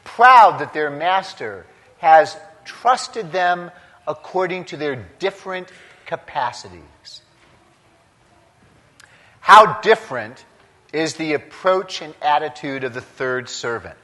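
A man, a priest, preaching a homily in a slow, deliberate way, breaking his points into short emphatic phrases. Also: on the high side, expressive, sharp tone. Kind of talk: sermon. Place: large church. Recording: long church reverb.

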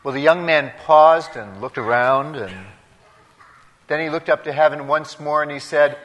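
A man, a priest, preaching a homily in a slow, deliberate way, breaking his points into short emphatic phrases. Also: fairly high pitch, fairly bright tone. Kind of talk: sermon. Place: large church. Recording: long church reverb.

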